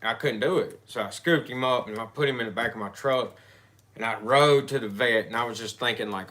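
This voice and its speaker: A man telling a personal story in casual chat, rambling and halting with frequent restarts. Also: medium pitch, sharp tone.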